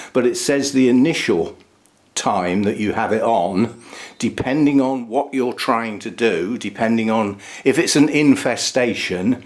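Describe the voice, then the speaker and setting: A man with a fairly low voice talks casually as he works through a job inside a small greenhouse. He narrates each step in a chatty, unhurried way and chuckles at his own remarks. The sound comes from the handheld camera he is filming with. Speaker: orchid grower vlogger. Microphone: handheld camera mic.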